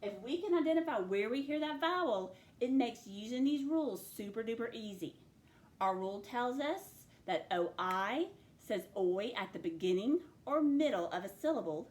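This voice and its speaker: A woman teaches a phonics spelling lesson, slowly stretching out each sound of a word as she dictates it. Her medium-pitched voice has lively intonation and a darkish tone, in an echoey room with faint ambience.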